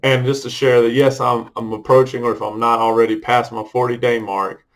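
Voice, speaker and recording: A man's voice: medium pitch, level tone, a little fast, low-quality recording. Rambling middle-aged man vlogging. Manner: rambling, loose, with many fillers and restarts. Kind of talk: casual personal vlog monologue.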